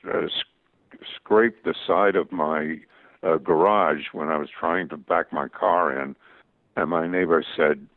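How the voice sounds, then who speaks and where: Older male interview guest, halting and anecdotal, dry low-fi audio. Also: no echo. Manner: halting, full of restarts and fillers. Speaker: guest cartoonist. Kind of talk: interview storytelling. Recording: tinny phone-like radio audio.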